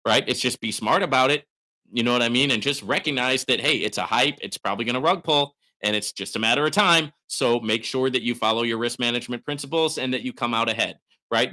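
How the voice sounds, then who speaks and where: A man hosting a live question-and-answer chat, animated and prone to sudden hollering, tagging his points with "right?". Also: mid-range voice. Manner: animated, hollering bursts, calls viewers bro; frequent "right?" tags. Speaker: host.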